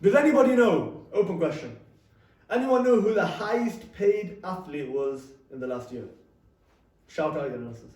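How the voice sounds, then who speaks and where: A man's voice: high voice, big pitch swings, normal speed, a little mellow, far from the mic. A young man giving an interactive talk to a youth audience, often asking them questions. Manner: conversational, asks the audience questions. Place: hall or classroom with a live audience. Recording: echoey room, speaker off-mic.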